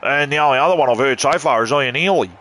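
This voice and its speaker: A man's voice: medium pitch, fast, bright, forceful tone, some chatter behind, slight background noise. An Australian man streaming a game, ranting bluntly and swearing as he talks. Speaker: gaming streamer. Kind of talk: casual ranting while playing.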